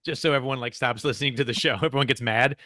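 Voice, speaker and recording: A man co-hosting a casual podcast, reading race results in a playful, excitable way and tripping over names. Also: mid-range voice, rapid-fire, dry recording. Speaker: podcast co-host.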